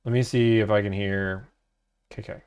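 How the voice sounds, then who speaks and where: A man's voice: on the low side, steady tone, moderate pace, darkish tone, clean tone, no room sound. A young man hosting a casual livestream, reading viewer chat aloud and answering in a laid-back, chatty way.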